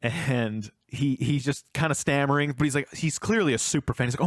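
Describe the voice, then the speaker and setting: Animated man retelling a film. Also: fairly high pitch, moderate pace, no room sound, clean studio sound. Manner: animated retelling, acting out characters' lines. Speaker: podcast co-host. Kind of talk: casual film review chat.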